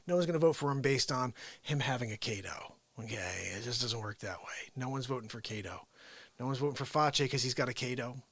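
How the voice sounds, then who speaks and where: Guy rambling on his livestream, jokey, pitch all over the place, dry close sound. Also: lively intonation, normal speed, a bit bright, dry recording. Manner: rambling, jokey, drops to whispered asides. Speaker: host. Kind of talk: casual livestream chat.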